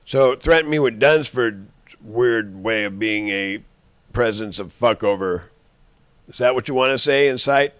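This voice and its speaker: A man's voice: mid-range voice, a little slow, a bit bright, no room sound. Angry, cursing man ranting. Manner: angry, profane, rambling and threatening. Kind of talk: rambling monologue addressed to others.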